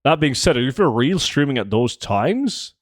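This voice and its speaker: A young man chats his way through a game stream, reading out questions from chat and answering them off the cuff. His voice sits at an ordinary pitch, and the sound is close and dry, with no room around it. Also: big pitch swings, normal speed, no room sound. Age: 20s. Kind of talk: casual live-stream chat while gaming.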